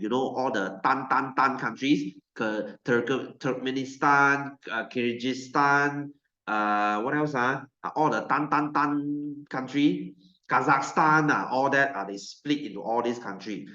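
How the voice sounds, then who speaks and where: A man's voice: mid-range voice, measured pace, pushed and bright, reverberant, muffled recording. A man with a Malaysian English accent, teaching a science class in a loose, joking way and putting on mocking voices. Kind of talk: classroom lecture.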